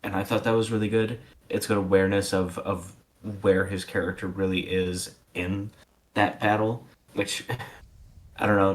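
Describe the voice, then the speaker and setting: A man co-hosting a casual wrestling podcast, easygoing and hesitant, with many ums. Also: low voice. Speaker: podcast co-host.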